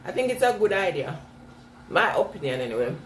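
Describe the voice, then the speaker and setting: A woman's voice: fairly low pitch, big pitch swings, a little fast, distant mic, slight background noise. Chatty accented woman in an echoey room. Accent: non-standard English accent. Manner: chatty, laughs often, repeats herself to answer comments. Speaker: vlogger reading live chat. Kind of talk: casual chat with viewers. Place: indoors, washing her hair. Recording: echoey room with clear background ambience.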